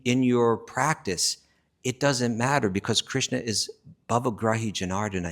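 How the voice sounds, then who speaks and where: A man telling a scripture story to a class in a conversational way, often checking in with "right?" and restarting phrases as he builds his point. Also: mid-range voice. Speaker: spiritual teacher.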